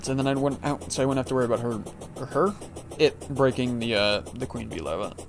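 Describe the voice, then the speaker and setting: A man's voice: medium pitch, quick pace, music in the background. Sarcastic, rambling male game streamer. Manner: joking, sarcastic, rambling with many fillers. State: sleepy, yawning. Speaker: gaming livestreamer. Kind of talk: casual livestream commentary.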